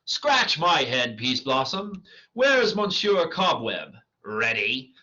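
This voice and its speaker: A man's voice: mid-range voice, sing-song, slow, pushed and bright, heavily acted. A man reading the part of a foolish male weaver with a donkey's head, in a boastful, bumbling manner. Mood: pompous. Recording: lo-fi dull recording.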